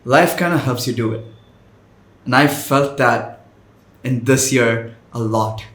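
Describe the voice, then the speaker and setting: Man cohosting a podcast, thoughtful, kinda hesitant, mid pitch, echoey room. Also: slow pace, a bit bright. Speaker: podcast co-host. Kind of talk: casual chat.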